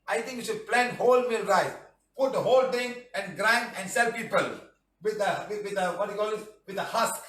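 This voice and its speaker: A man's voice: sits high, fairly quick, a bit bright. A middle-aged man, teaching a live class in a joking, teasing way, reading out viewer comments and ending phrases with "huh?" and "lah". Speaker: healing teacher. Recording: roomy echo, mic at a distance.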